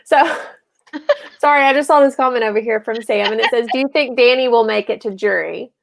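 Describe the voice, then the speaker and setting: A woman co-hosting a casual live show, chatty and full of ums and quick laughs. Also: on the high side, gravelly, a little hiss or hum. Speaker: co-host.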